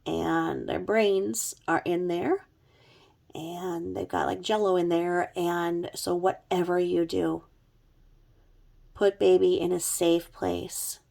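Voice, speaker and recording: A woman's voice: lowish voice, level tone, slow, gravelly, darkish tone. A middle-aged woman telling a true crime story in a chatty, sarcastic vlog style with blunt asides. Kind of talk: casual vlog narration.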